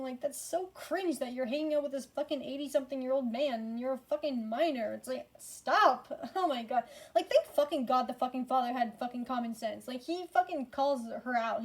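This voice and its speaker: A tired woman casually ranking movies in a rambling, profane way, full of fillers and frequent swearing. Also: high voice. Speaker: movie reviewer.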